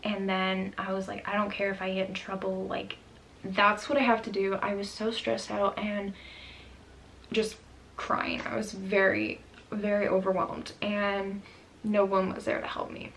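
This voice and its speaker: A woman's voice: medium pitch, completely flat delivery, a little slow, fairly bright tone, a little hiss or hum, rough recording. A young woman vlogger telling a personal story in a candid, emotional way, with many fillers.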